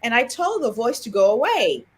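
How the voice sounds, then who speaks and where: A woman's voice: a little high, big pitch swings, moderate pace, husky. A woman candidly sharing a childhood story on a video call. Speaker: summit participant.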